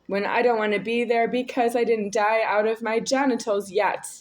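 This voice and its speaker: A woman talking alone to the camera in a rambling, repetitive monologue, swinging between a quiet voice and a raised one. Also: a little high, steady tone, moderate pace. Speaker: video creator.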